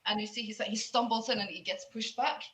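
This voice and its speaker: A woman narrating as game master of a tabletop game in a casual, halting way. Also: mid-range voice, steady tone, a bit bright, echoey room, low-quality recording.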